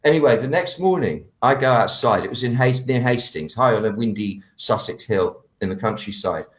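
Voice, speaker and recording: A man on a live stream telling a story with animated delivery, slipping into hushed, dropped tones when he quotes himself. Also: medium pitch, moderate pace, roomy sound. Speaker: guest healer.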